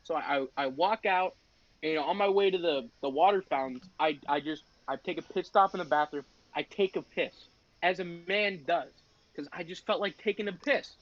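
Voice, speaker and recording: A man's voice: fairly high pitch, normal speed, a bit bright. A teenage boy telling a story in casual podcast chat, swearing often and ranting heatedly. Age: teens. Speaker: podcast co-host. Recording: dull lo-fi sound.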